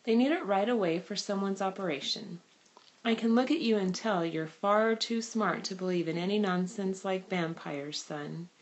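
A woman's voice: mid-range voice, moderate pace, lightly acted, rough recording. A woman reading as a chatty, joking middle-aged man. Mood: teasing. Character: friendly middle-aged man driver, teasing.

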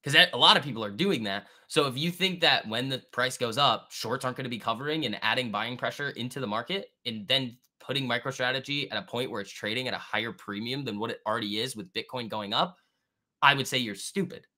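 Bright-voiced man hosting a trading livestream. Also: mid-range voice, fast. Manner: casual, slangy, reads chat aloud. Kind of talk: casual livestream chat.

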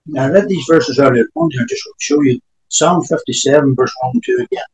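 A man's voice: mid-range voice, animated, a little fast, echoey room, slight background noise, rough recording. A man preaching a sermon, reading scripture aloud between emphatic remarks.

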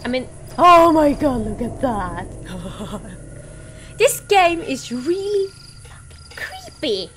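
A woman's voice: high voice, big pitch swings, slow, fairly bright tone, slight background noise. Jumpy woman playing a creepy game. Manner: jumpy, exclamatory reactions. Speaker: let's play gamer. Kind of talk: gameplay commentary. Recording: game music underneath.

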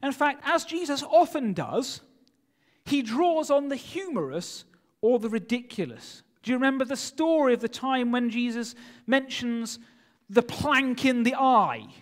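A man preaching a sermon in a church, speaking in an animated way and putting rhetorical questions to his listeners. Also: very high voice, measured pace. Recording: long church hall reverb.

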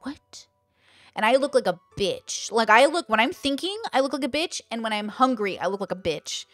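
A woman's voice: on the high side, brisk, no echo, faint music behind. A woman creator in casual livestream chat, thinking aloud with lots of fillers and acting out the voices she quotes. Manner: animated, acts out quoted voices. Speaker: online content creator.

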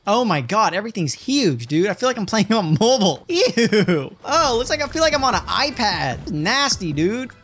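A young man streaming a video game, loud and hyper, swearing and trash-talking other players as he plays. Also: high voice, big pitch swings, normal speed, few pauses, husky. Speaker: gaming streamer. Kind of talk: excited gameplay commentary. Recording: music playing behind.

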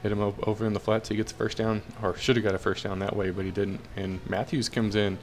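Low-voiced young man commentating gameplay. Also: quick pace, slight background noise. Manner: casual, excitable, cheers and groans at plays. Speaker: gaming commentator. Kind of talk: video game play-by-play commentary.

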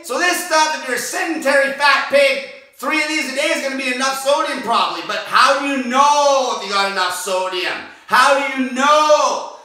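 A man with a high-pitched, piercing voice tears into his audience with nonstop profanity and frequent shouting. He sounds aggressive and relentless. The recording is boomy and echoey, and he stands some distance from the mic. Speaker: diet vlogger. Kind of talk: profane fasting rant.

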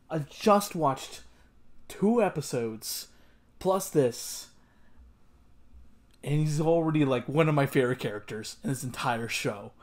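A young man hosting an anime reaction, exclaiming and swearing, often repeating himself in disbelief. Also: on the high side. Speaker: anime reaction channel host. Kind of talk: emotional anime reaction commentary.

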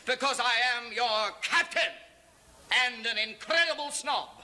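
A pompous snobbish ship captain. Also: male voice, very high voice, measured pace, bright, forceful tone, heavily acted, rough recording. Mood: haughty. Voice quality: pompous, commanding, blustering. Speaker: comedy sketch actor. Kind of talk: 1960s TV sketch comedy.

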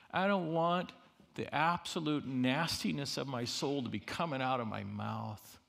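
A middle-aged man preaches a sermon as a university chapel speaker, his gravelly, bright-edged, mid-range voice unhurried. Animated and humorous in his storytelling, he punches some lines loudly and drops others to near-hushed asides.

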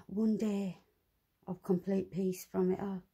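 Swearing woman with a dark voice. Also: mid-range voice, level tone, slow pace, slightly rough. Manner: swearing, exasperated ranting. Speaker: vlogger. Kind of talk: angry monologue to camera.

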